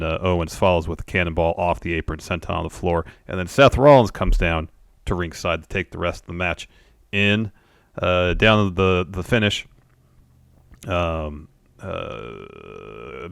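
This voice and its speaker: Deep-voiced man recapping a match. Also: vocal fry, no echo, studio quality. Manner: steady, methodical retelling with fillers. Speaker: wrestling podcast co-host. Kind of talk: play-by-play recap.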